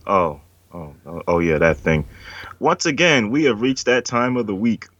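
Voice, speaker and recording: A man's voice: lowish voice, lively intonation, normal speed, a bit bright, dry recording. A man delivering a scripted podcast intro with a co-host. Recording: dull, muffled sound.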